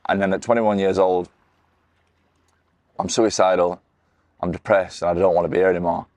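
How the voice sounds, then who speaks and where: Earnest young man, very low flat voice. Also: normal speed, no echo. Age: 20s. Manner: earnest, candid, with many restarts and "you know". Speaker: motivational speaker. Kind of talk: personal testimony to camera.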